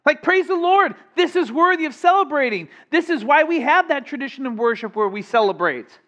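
A male pastor delivers a sermon with animated, conversational energy, mixing scripture reading with casual asides. His voice sits high for a man. The recording sounds a little dull and muffled. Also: brisk. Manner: animated, conversational preaching with asides and acted quotes.

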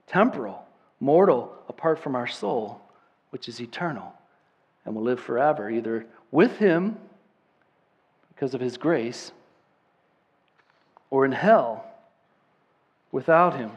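A male pastor preaching a sermon, swinging between loud, emphatic declarations and quiet, earnest appeals, repeating words for emphasis. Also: medium pitch, slightly rough, muffled recording.

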